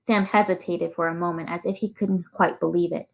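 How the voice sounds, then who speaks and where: A woman reading a novel aloud in a steady storytelling manner. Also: lowish voice, brisk, gravelly, low-quality recording. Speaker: reader.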